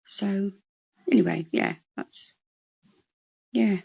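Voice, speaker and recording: A woman, a comedian and mental health worker, telling lively anecdotes in an interview. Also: mid-range voice, slow pace, gravelly, husky, highs cut off. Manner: animated anecdotal storyteller. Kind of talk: storytelling interview chat.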